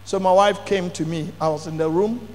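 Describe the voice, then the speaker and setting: A middle-aged male pastor, telling a testimony in a sermon with dramatic bursts of shouting. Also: high voice, steady tone, moderate pace. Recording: long hall reverb.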